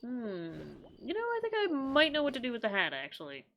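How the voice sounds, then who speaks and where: A woman's voice: sits high, wildly swooping pitch, a little fast, highs cut off, a little hiss or hum. Chatty woman streaming a game. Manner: chatty, joking asides to the game. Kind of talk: casual let's-play commentary.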